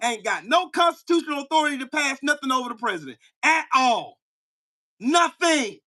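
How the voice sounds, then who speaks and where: A man hosting his own channel, delivering a heated, profane political rant at a commenter, firing rhetorical questions and bursting into shouts. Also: very high-pitched, big pitch swings, quick pace. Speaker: channel host. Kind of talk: angry political rant to camera.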